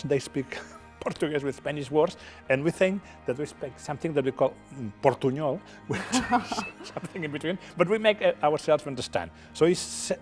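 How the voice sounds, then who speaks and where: An older man from Catalonia, a native Catalan speaker with a Catalan accent, answering interview questions in halting English, repeating words and ending thoughts with "okay?". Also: on the high side, a little mellow. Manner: halting, repeats words, frequent "okay?" tags, laughs often. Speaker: television producer, guest.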